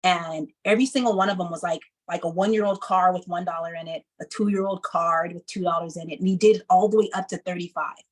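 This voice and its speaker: A woman in her thirties telling a personal story to an audience, acting out the people she quotes with lively emphasis. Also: lowish voice, fast talker, hardly any pauses, rough recording. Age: 30s. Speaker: speaker.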